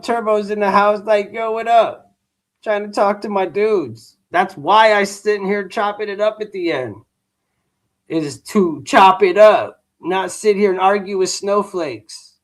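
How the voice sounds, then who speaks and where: Slow, high-voiced man chatting on a livestream. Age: adult. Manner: laid-back slangy talk, says bro a lot; dismissive toward a chat troll. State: tired. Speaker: livestream host. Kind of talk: casual livestream chat.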